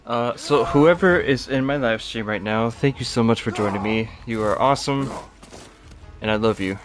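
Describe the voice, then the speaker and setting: A man's voice: medium pitch, moderate pace, music in the background. A man streaming a video game, chatting casually and goofily with viewers and laughing often. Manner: giggly and goofy, laughs often. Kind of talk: casual live-stream chat while gaming. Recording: clear background noise.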